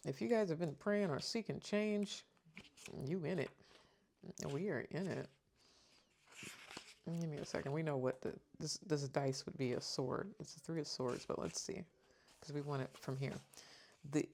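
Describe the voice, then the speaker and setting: A woman's voice: deep voice, moderate pace, long pauses, darkish tone, a little hiss or hum. A woman giving a tarot reading to her viewers, talking earnestly and reading out card meanings. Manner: earnest, emotional, repeats reassurances; reads card descriptions aloud. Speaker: tarot reader.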